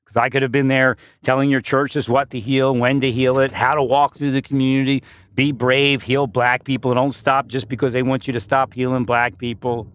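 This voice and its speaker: A man's voice: medium pitch, level tone, moderate pace, fairly bright tone. A man giving a rambling spiritual monologue, often breaking into laughter and restarting his sentences. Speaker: spiritual speaker.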